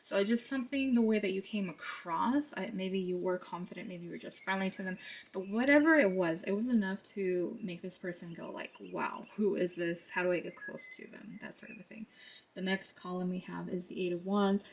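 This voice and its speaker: A woman's voice: medium pitch, fairly quick, a little hiss or hum. A woman giving a casual tarot reading to camera, chatty and laughing often as she talks through the cards. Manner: chatty, laughs often, quotes others in put-on voices. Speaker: tarot card reader.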